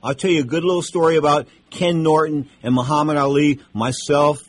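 A man's voice: on the high side, steady tone, a little fast, no room sound. A male radio host telling rambling stories during an interview, with lots of restarts. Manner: rambling anecdotes with many restarts. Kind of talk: casual storytelling interview.

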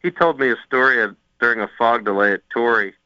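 Man, golf commentator, casual banter, forceful bright tone, dry close sound. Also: medium pitch, fast, smooth, dry recording, highs cut off. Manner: rambling storyteller, joking.

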